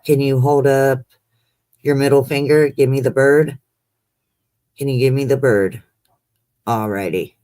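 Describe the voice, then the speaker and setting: A woman's voice: extremely low pitch, steady tone, measured pace, pauses often, warm tone, no room sound. A middle-aged woman hosting a livestream chat, rambling along and calling her guests honey. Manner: rambling, chatty, calls people honey. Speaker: livestream host. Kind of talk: casual chat.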